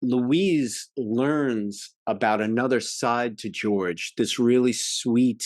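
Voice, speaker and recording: A man co-hosting a podcast, chatting casually about classic television and retelling episodes with animated enthusiasm. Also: mid-range voice, takes it slowly, dry recording, studio quality. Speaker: podcast co-host.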